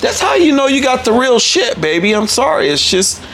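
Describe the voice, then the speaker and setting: Hyped, high-voiced toy review host. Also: male voice, normal speed, crowd noise. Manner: hyped, animated, casual with cussing. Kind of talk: excited unboxing review.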